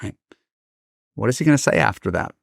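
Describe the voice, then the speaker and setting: A middle-aged man hosting a podcast, telling stories and giving advice in a lively, casual way and acting out the people he quotes. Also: lowish voice, fairly quick, gravelly, dry recording, studio quality. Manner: animated, acts out quoted voices. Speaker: podcast host and dating coach. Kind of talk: casual storytelling advice talk.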